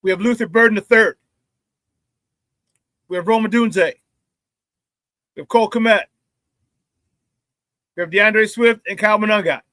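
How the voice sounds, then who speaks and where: Man, sports talk host, high voice, dry close sound, animated. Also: dry recording. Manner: animated, laughs easily, greets chat viewers. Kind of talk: casual sports talk show.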